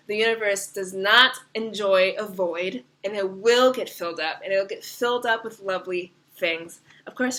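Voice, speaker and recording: A young woman talks through a tarot reading in a chatty, unfiltered style, cursing freely and laughing along the way. Her voice is bright and forward. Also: medium pitch. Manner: animated, swears freely, laughs often. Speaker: tarot reader.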